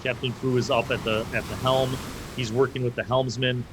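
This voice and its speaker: A man's voice: mid-range voice, level tone. A young man running a tabletop game as game master, narrating loosely with fillers and restarts. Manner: loose, casual, halting with fillers. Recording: faint background noise.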